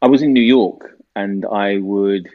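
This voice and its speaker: A British man with a fairly low voice, talking as an interview guest. He rambles through his stories and leans on fillers. The recording sounds dull and lo-fi. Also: measured pace. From United Kingdom. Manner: rambling storyteller with many fillers. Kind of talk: casual interview talk.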